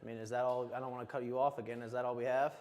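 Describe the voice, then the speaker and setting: A man's voice: medium pitch, flat delivery, racing, darkish tone, muffled recording, slight background noise. A male show host joking his way through a workout, self-deprecating and out of breath. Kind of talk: joking casual chat during a workout.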